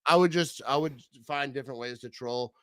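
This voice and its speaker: A man's voice: mid-range voice, fairly quick, dry recording. A young man co-hosting a podcast in casual sports chat, joking and saying "dude" a lot. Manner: laid-back, joking, says "dude" a lot. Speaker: podcast co-host.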